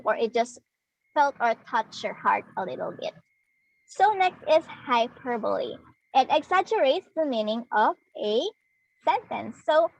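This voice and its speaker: A young woman teaches a class, walking through each example slowly and acting out the sounds. Her voice sits a little high, and the recording is dry and close, with no room echo. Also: dull audio. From Philippines. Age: young adult. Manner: explains step by step, acts out sounds. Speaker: student teacher. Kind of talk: demo lesson on figures of speech.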